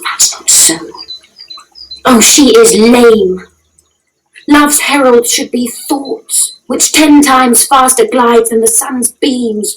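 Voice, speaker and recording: A woman's voice: on the high side, rough recording. A woman playing an impatient young girl in love. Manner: eager, pleading, breathless urgency. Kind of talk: radio play acting.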